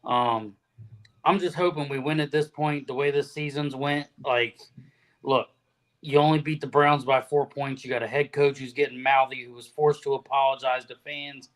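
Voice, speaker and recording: A man's voice: mid-range voice, steady tone, moderate pace, fairly bright tone, poor audio. A man calling in to a sports podcast, blunt and grumbling with many fillers. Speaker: regular caller. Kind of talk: casual sports chat.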